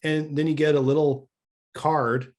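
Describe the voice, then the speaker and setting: A man from Canada speaks a little slowly in a voice on the high side. Co-hosting a podcast, he tells a casual story as an animated narrator who acts out the dialogue, often restarting and stammering through repeated words.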